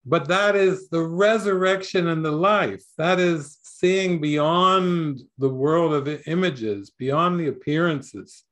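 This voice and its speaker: A man's voice: sits high, fairly bright tone. An older man teaching a spiritual talk, storytelling playfully and laughing often. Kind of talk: sermon.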